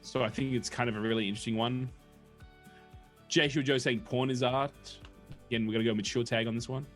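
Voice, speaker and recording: A man at a middle pitch co-hosts a casual online chat show. He weighs each idea aloud with some hesitation while faint music runs behind him. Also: steady tone, fairly quick, a bit bright. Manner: reflective, hesitant, thinks aloud. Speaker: co-host.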